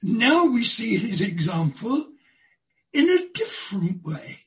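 Slow, deliberate preacher. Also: medium pitch, big pitch swings, poor audio. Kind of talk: sermon.

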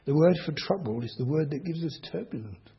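A man preaching a sermon slowly and deliberately, asking the congregation rhetorical questions. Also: fairly high pitch, lively intonation. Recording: dull lo-fi recording.

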